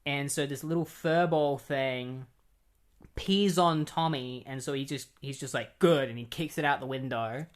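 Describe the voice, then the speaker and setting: A man's voice: mid-range voice, measured pace. A man walks through a comic book plot in a loose, rambling way. He leans on filler words and sounds openly incredulous at what he is retelling. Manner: incredulous, keeps insisting he is not kidding. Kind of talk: casual recap of a comic.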